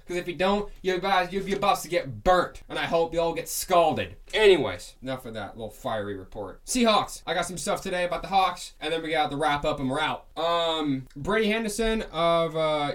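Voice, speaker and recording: Fired-up man ranting about baseball. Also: fairly high pitch. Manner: heated, ranting, fan-biased; loose, rambling, many restarts. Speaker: sports podcast host. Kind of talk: solo sports podcast rant.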